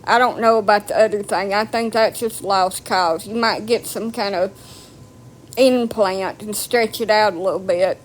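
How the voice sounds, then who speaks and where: A woman's voice: medium pitch, steady tone, normal speed, slight background noise. A woman delivering a blunt, profane, mocking rant to camera. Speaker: vlogger. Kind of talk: ranting monologue.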